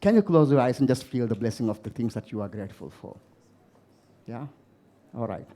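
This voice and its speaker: A keynote speaker from the Maldives addresses a live audience with a motivational talk, telling stories and asking questions of those present. He sounds animated and mellow, medium in pitch, and speaks fairly quickly.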